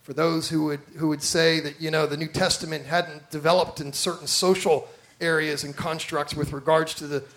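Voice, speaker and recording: Preaching a lively sermon at a moderate pace, a male pastor with a high voice tells stories with energy. He acts out the people he quotes and addresses the congregation with direct questions.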